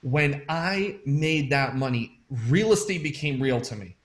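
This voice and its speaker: A man from Fall River, Massachusetts, telling his story in a casual interview, lively and often calling the host "man". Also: fairly high pitch, unhurried, echoey room.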